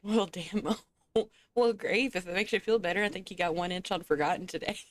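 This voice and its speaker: A woman streamer chats casually with her viewers, teasing them playfully and laughing often. Her voice sits slightly low for a woman. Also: a little fast, dry recording, clean studio sound. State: eating with a full mouth. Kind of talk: casual gaming livestream chat.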